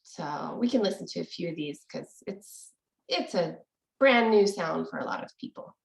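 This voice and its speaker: A woman's voice: fairly low pitch, expressive, moderate pace, vocal fry, reverberant, rough recording. A woman teaching a casual online language lesson, explaining in a chatty way and laughing easily, over a video call. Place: room with echo, video call.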